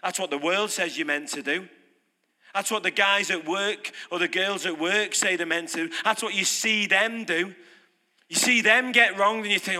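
A British man preaching a sermon, lively and conversational, putting questions to his congregation. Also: high voice, moderate pace. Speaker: pastor. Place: church hall. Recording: reverberant hall.

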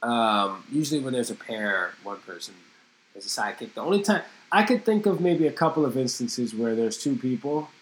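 A man's voice: mid-range voice, lively intonation, moderate pace, reverberant. A man hosting a casual solo podcast, rambling and swearing freely while joking at his own expense. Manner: rambling, profane, self-deprecating. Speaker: podcast host.

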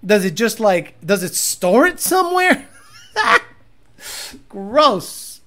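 A man's voice: high-pitched, very animated, moderate pace, a bit bright. A man talking loosely on a livestream, his delivery crude and rambling. He laughs easily, swears freely, and trips over repeated words while he works out his next point. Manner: repeats words when stalling. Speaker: streamer reading chat. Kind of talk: casual livestream chat.

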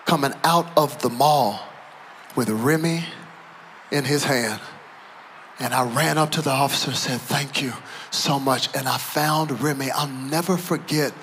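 A middle-aged male pastor preaching a sermon to a church audience, moving between quiet storytelling and shouted, emphatic preaching. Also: mid-range voice, slight background noise. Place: church auditorium.

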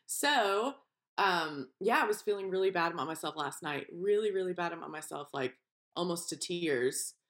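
Lower-pitched woman co-host, chatty and animated, acts out voices. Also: normal speed. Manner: animated storyteller, acts out quoted voices, laughs often. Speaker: podcast co-host. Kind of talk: casual chat.

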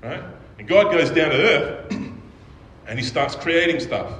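A man's voice: a little high, expressive, slow pace, a bit bright. A man preaching a sermon as pastor, talking in a conversational way and often checking in with the audience. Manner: conversational preaching with frequent "right?" check-ins. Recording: echoey hall with faint ambience.

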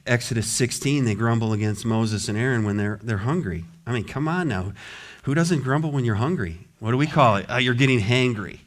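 A man preaching a sermon in a church, lively and often acting out the voices of a grumbling crowd. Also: medium pitch, brisk. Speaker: pastor. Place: church sanctuary.

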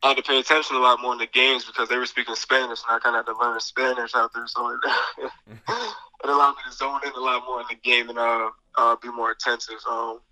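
A man, a basketball player, answering interview questions in a relaxed way with many fillers. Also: medium pitch, fast talker, no echo, low-quality recording.

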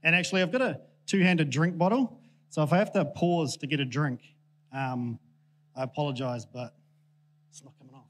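Guy preaching in church, kinda high voice, jokey and rambly, lots of ums. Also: normal speed, a little hiss or hum. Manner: chatty, self-deprecating, many fillers. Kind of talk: casual, joking sermon. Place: church in front of a congregation.

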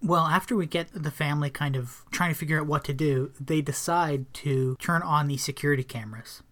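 A man's voice: on the high side, brisk, bright, forceful tone. A man co-hosting a casual movie podcast, retelling scenes and laughing often. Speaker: podcast co-host.

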